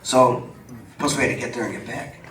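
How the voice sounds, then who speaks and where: An older man spins chatty stories on a club stage, slipping into the voices of the people he quotes and breaking into laughter. His voice comes from a distance through the room's echo. A steady murmur of noise sits behind it. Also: medium pitch, fairly quick. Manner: chatty, laughs often, acts out quoted dialogue. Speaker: guest storyteller. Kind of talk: live on-stage storytelling. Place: supper club stage before an audience. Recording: roomy venue sound from a distant mic with background noise.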